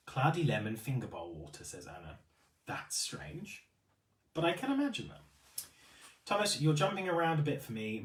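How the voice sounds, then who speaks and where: A man hosts a beauty retailer's live stream, chatting casually, reading out viewer comments and apologising often. His voice is medium-pitched, and he sounds far from the mic in a roomy space.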